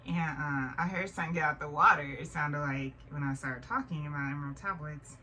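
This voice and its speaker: A woman in her thirties tells a strange story in a low voice, rambling and restarting her sentences with plenty of fillers. She sits a little back from the mic, and faint noise runs under her voice. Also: bright, forceful tone, far from the mic, poor audio. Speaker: vlogger. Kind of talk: casual storytelling monologue.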